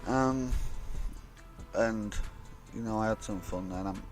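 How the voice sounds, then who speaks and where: A man's voice: lowish voice, slow, soft background music. A young man telling a rambling, blunt, sweary story in a casual vlog. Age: young adult. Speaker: vlogger.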